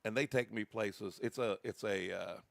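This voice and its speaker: Gravelly low-voiced man telling stories. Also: fairly even intonation, normal speed, fairly bright tone, dry recording. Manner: rambling anecdotal storytelling with restarts. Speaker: podcast co-host. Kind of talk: casual storytelling chat.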